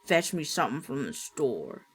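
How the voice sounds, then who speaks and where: A woman voicing a bloated, ravenous old grandfather turning into a monster, with a rasping, smoke-thick growl. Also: a bass voice, sing-song, moderate pace, voice pushed down, full character voice.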